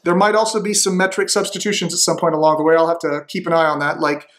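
A man thinking aloud as he slowly works through a demonstration, tentative and musing, with frequent restarts. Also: on the high side, level tone, a bit bright.

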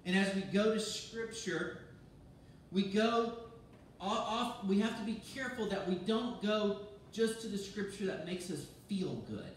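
A man, a pastor, giving a sermon in a lively, conversational way, often restarting his sentences. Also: high voice, measured pace, a little hiss or hum. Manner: animated, conversational preaching with restarts. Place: church sanctuary. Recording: very echoey church from far off.

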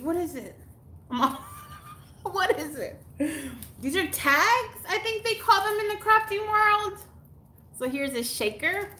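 A woman chats through an unboxing in a bright, fairly high voice, gasping and gushing over each item. She talks slowly and exclaims often, and the room around her sounds echoey. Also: expressive, a little hiss or hum. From Texas. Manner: gushing, exclamatory, chatty, with gasps and laughs. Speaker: YouTuber unboxing mail. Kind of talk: casual live unboxing chat.

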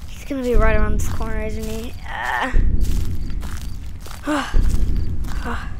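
A high-pitched woman gives jumpy horror game commentary, switching between nervous whispers and loud taunts aimed at the monster. She speaks at a slow, drawn-out pace. A clear hiss of background noise runs under the recording. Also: fairly even intonation. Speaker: gaming channel host.

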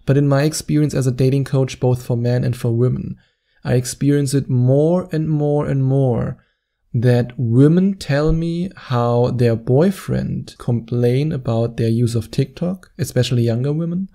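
Gravelly dark guy giving dating advice to camera, earnest, acts out the quotes. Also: medium pitch. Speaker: dating coach. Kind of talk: direct-to-camera advice monologue.

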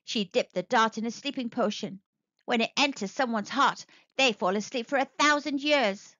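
Sneering, spiteful tiny robot fiend, woman reader doing it, high and bratty. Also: moderate pace, fairly bright tone, dry recording, muffled recording, lightly acted. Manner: sneering, rude. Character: rude spiteful little fruit fiend robot.

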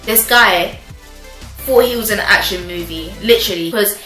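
A young woman telling a storytime on her vlog, animated and chatty, laughing often as she talks. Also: medium pitch, normal speed. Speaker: vlogger. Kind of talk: casual storytime chat. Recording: roomy echo with faint music.

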